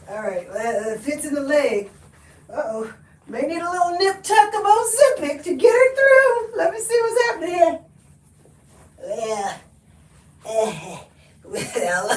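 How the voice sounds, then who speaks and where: A slightly high-voiced woman runs a live thrift try-on, laughing and chatting in a folksy way with viewers she calls honey and y'all. She sounds out of breath, and because she often steps away from the camera mic, her voice comes across distant and off-mic in an echoey room.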